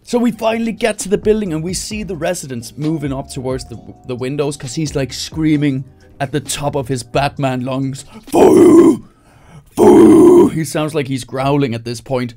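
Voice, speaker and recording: A man from Denmark telling a stand-up story live, animated, jumping into loud high yelling voices for the people he quotes. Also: moderate pace, faint music behind. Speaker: stand-up comedian. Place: indoors, livestream.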